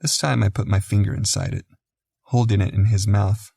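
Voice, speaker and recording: A man reads a first-person audiobook in a deep voice with plenty of vocal fry. His delivery is measured and quiet, and the recording is close and dry. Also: steady tone, no room sound. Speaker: audiobook narrator.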